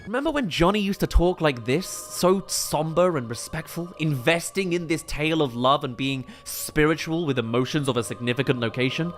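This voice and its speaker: A man reviews films in eager, detailed analysis, picking apart shots and lighting. His voice sits a little high, with faint music under his commentary. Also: animated, moderate pace, hardly any pauses. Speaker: film reviewer.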